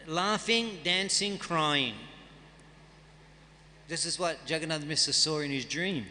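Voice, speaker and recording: A man's voice: a little high, a little slow, long pauses, pushed and bright, long reverb tail, slight background noise. A man giving a scripture class, reading and chanting verses and then explaining them in a conversational way. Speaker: guest speaker at a temple festival. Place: temple hall.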